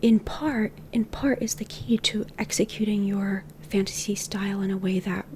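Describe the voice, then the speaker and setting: A woman talking to camera about personal style in a gentle, whispered, heart-to-heart way. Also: mid-range voice, steady tone, normal speed, a little hiss or hum. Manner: whispers much of the time. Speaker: style consultant and YouTuber. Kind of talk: soft-spoken talk to camera.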